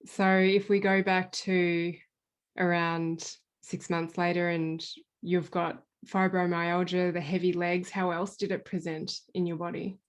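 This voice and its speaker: Woman interviewer, low and even voice, quiet with gentle murmurs of assent. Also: measured pace. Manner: quiet, flat, with short affirming murmurs.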